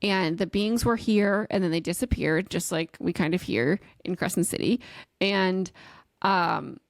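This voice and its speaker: A woman's voice: lowish voice, a little slow, creaky, no echo. A woman podcast co-host in casual chat, recapping a novel's chapter with frequent laughs and acted-out quotes. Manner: animated storyteller, laughs often, acts out quotes.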